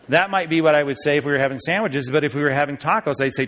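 A man, a pastor, teaching a Bible study class about Greek grammar, joking and slowing down to spell out key sentences. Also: on the high side, a little hiss or hum. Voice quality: lively, joking, moves between quick asides and slow deliberate reading.

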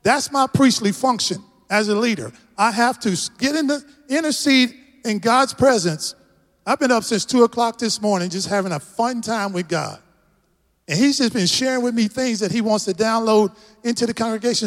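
His voice is very high and his pace moderate. He's a middle-aged Texan guest pastor giving a rousing sermon in a large church hall, trading call-and-response lines with the congregation while the room's long reverb trails behind.

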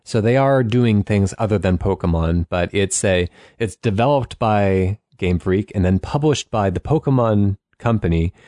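A low-voiced man talks in a loose, rambling way, using lots of fillers and laughing softly. The recording is close and dead dry, with no room sound at all. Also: normal speed, few pauses, no echo. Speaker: podcast co-host. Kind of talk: casual chat.

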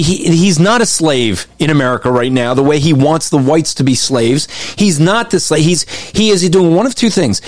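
A man's voice: fairly high pitch, dry recording. A man giving emphatic, repetitive commentary over video clips. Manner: emphatic and repetitive, restarts often.

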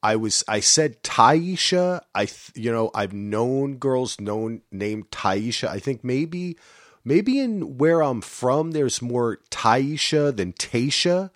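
Animated man from New Jersey. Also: medium pitch, takes it slowly, dry recording, clean studio sound. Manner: animated, rambling, self-interrupting. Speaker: podcast co-host. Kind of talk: casual chat recapping a reality show.

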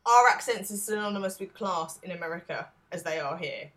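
Low-voiced woman with an East London accent. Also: brisk, fairly bright tone. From England. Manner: thoughtful, with frequent fillers. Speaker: podcast co-host. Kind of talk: casual podcast chat.

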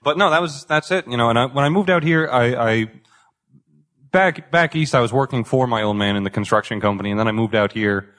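A man's voice: medium pitch, brisk, fairly bright tone. Young guy from boston area rambling on a podcast, self-deprecating, swears a lot. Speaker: podcast guest. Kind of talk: casual chat.

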